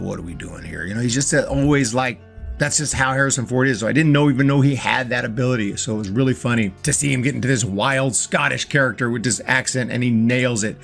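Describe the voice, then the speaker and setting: A man's voice: medium pitch, fairly bright tone. A man giving a casual, enthusiastic film review, often stumbling and repeating words as he talks. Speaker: movie reviewer.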